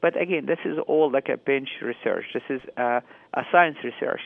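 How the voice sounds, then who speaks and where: A man, a fertility doctor calling in as a guest, explaining things in a halting way with many restarts. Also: medium pitch, vocal fry, no room sound. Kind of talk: call-in interview answer. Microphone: telephone. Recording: tinny phone line.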